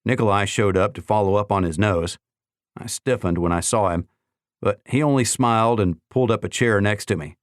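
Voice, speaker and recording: A man narrating a novel in the first person in a measured, even storytelling manner. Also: fairly low pitch, dry recording, clean studio sound. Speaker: audiobook narrator.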